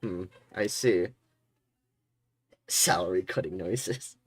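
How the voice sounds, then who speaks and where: Joking young gamer, low dry voice. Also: male voice, slow, husky, no echo. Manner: joking, laughing, irreverent. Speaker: let's play gamer. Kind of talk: casual game commentary.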